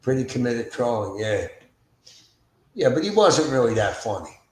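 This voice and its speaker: A man's voice: mid-range voice, big pitch swings, normal speed, reverberant, a little hiss or hum, rough recording. A man streaming, casually and bluntly commenting on clips and thanking donors. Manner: blunt, dismissive.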